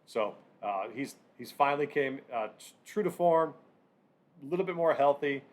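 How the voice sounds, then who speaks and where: A man hosting a casual sports picks breakdown, talking in halting bursts with lots of fillers and restarts. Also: medium pitch, expressive. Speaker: sports betting channel host.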